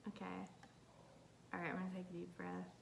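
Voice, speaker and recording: A woman's voice: completely flat delivery, fairly quick, gravelly. A young woman chatting casually in a vlog, nervous and full of fillers as she opens decisions at home. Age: young adult. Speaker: vlogger. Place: home room. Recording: echoey room with faint rumble.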